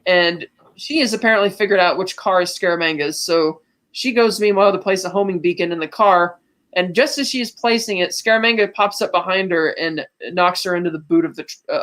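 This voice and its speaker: A woman co-hosting a podcast, recapping a film plot in casual chat and acting out quick quotes as she goes. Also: lowish voice. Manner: animated storytelling with quick acted-out quotes. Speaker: podcast co-host.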